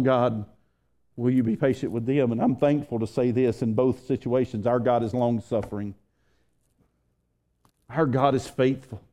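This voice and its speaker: A man's voice: medium pitch, warm tone. A man preaching a sermon to his church, repeating phrases and building intensity. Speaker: pastor.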